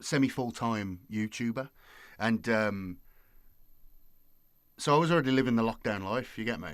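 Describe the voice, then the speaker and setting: A man's voice: mid-range voice, a little slow, long pauses, fairly bright tone. A man hosting his channel, chatting casually and rambling with lots of fillers. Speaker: YouTube host. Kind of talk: casual late-night chat.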